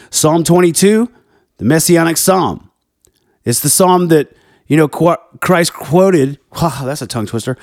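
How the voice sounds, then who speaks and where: A man's voice: dry recording, clean studio sound. A man hosting a personal faith talk, speaking with heated emphasis and reading scripture aloud. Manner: emphatic, heated, animated pitch swings. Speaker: podcast host.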